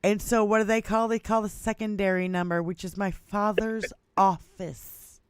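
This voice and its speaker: A woman co-hosting a casual livestream chat, telling stories in an animated way, swearing freely and laughing often. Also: medium pitch, normal speed, clear, resonant tone, no echo. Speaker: livestream co-host.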